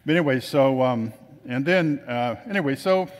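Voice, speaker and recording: A man's voice: mid-range voice, normal speed. A man telling chatty anecdotes to a gathering, acting out the voices of the people he quotes. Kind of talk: casual storytelling talk. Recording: long reverb of a hall.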